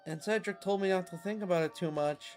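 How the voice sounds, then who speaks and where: A man voicing a gentle, lost child from another world, reading the game dialogue aloud in a soft, subdued way. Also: high voice, fast, faint music behind, close to an everyday voice. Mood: reflective.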